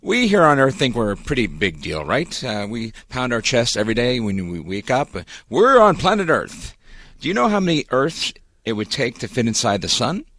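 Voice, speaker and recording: A man's voice: medium pitch, sing-song, normal speed, fairly bright tone, no room sound. Upbeat male radio morning host. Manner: upbeat, chatty, jokey. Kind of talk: casual morning radio banter. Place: radio studio. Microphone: studio mic.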